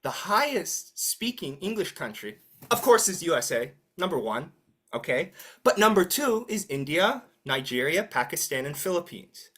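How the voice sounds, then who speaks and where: An American English teacher runs an interactive online class, lively and teasing, joking around and asking the students questions. The voice is medium-pitched, at a moderate pace.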